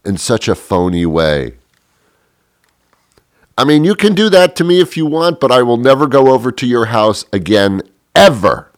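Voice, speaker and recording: A man ranting sarcastically in a comedic monologue, exasperated, often leaping into a shrill mock-outraged pitch. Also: big pitch swings, moderate pace, no room sound, studio quality.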